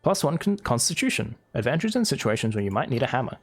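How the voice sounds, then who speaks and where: A man's voice: mid-range voice, very animated, quick pace, hardly any pauses, breathy edge, soft background music. A male game streamer reading game text aloud with wry asides during live gameplay commentary.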